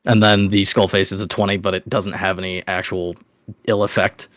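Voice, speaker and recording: A young man as dungeon master, calmly explaining game rules. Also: low-pitched, a little fast, dry recording, studio quality, soft background music.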